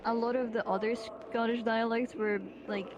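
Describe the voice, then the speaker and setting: A woman from Poland with a Polish accent, chatting casually as a guest on a stream, lively and quick with asides. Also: on the high side, lo-fi sound, crowd noise. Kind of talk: casual chat.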